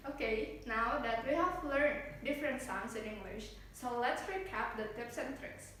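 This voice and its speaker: A woman student presenting a scripted phonetics lesson, explaining each sound slowly and carefully. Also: on the high side, fairly bright tone. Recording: echoey room with faint noise.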